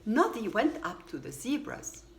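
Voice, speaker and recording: A woman reading a children's storybook aloud, lively and expressive. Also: fairly high pitch, normal speed. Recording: echoey room with faint ambient noise.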